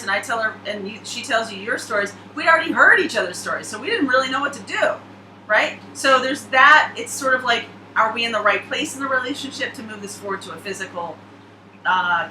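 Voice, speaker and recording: A woman's voice: on the high side, bright, forceful tone, echoey room, slight background noise, low-quality recording. A woman giving a casual, chatty tarot reading, laughing and rambling through asides. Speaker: tarot reader.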